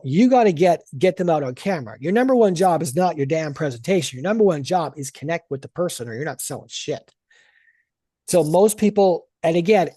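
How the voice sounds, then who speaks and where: A woman's voice: on the low side, mellow, no room sound. A woman coaching a group on a video call about sales, talking bluntly and energetically with plenty of swearing.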